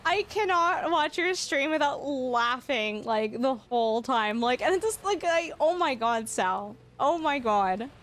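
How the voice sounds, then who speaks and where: A young woman chatting casually on a live stream, telling an embarrassing story with lots of laughter and sudden high squeals. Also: unhurried, few pauses. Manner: animated storytelling, frequent laughter, rising squeals. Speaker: livestreamer.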